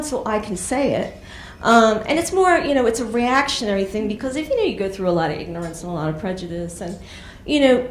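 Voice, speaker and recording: Chatty woman comic, echoey club. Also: mid-range voice. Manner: chatty storytelling with frequent fillers. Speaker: stand-up comedian. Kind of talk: stand-up comedy set. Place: comedy club stage with audience. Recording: echoey club room, faint noise.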